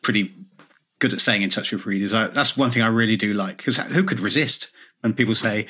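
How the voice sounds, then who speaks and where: A man's voice: fairly low pitch, fairly quick, bright, forceful tone. A male author being interviewed, chatting casually and joking about himself with frequent laughs. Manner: self-deprecating, joking, laughs often. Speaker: guest author.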